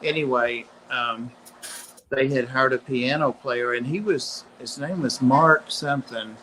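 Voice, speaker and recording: A man with a mid-pitched, bright and forceful voice, chatting casually with friends. He tells long, wandering anecdotes full of asides and restarts. Faint room ambience hums behind him. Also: a little slow, slight background noise, rough recording. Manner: rambling anecdotal storyteller. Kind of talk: casual chat.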